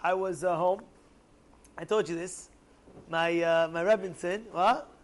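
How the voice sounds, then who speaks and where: A man's voice: high voice, a little slow. A young man teaching a religious lesson to a class, telling stories animatedly and often asking his listeners rhetorical questions. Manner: animated storyteller who acts out angry outbursts.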